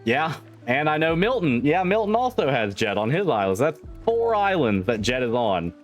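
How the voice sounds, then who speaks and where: A man's voice: on the high side, big pitch swings, moderate pace, dull audio, soft background music. A man streamer chatting casually with his viewers, swearing freely and laughing often. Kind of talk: casual chat with livestream viewers.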